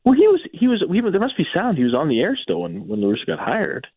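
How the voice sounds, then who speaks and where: A man calling in as a guest on a sports radio show, animated and wry. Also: high-pitched, fast talker, breathy edge, no echo. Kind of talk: casual sports radio chat. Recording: phone line.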